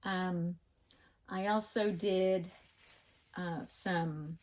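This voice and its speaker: Woman vlogger, low-ish voice, rambling home craft chat. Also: fairly even intonation, very slow, long pauses, a little mellow. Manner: chatty, rambling, fond of her crafts. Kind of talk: casual chat.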